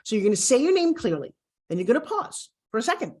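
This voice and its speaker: A woman's voice: fairly high pitch, very animated, quick pace. A middle-aged woman teaching a video course, speaking in an upbeat coaching style straight to the viewer. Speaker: course instructor.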